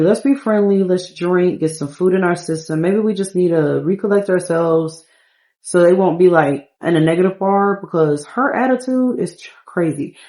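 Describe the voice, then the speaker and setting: A woman's voice: on the low side, darkish tone. A young woman chats through her gameplay, talking to viewers in a loose, casual way. She tosses in exasperated asides when the game won't behave. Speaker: game streamer.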